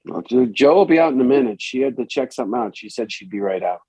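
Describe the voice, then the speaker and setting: A man's voice: mid-range voice, lively intonation, fast talker, gravelly, darkish tone, slightly rough, no room sound, pitched below the performer's own voice. A man voicing a guarded fifteen-year-old from a poor neighborhood, hesitant and humming before he answers, in a tabletop role-play game. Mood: doubtful.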